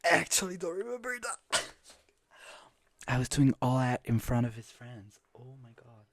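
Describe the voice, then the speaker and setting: A man's voice: medium pitch, very animated, normal speed, slight background noise. A man hosting a podcast, telling a story casually and profanely, often laughing at himself. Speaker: podcast host. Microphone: phone.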